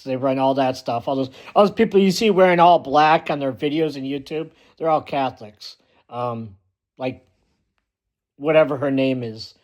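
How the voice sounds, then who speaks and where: A man's voice: a little high, a little mellow. A man delivering a blunt, emphatic ranting monologue as a vlogger, often repeating himself for force.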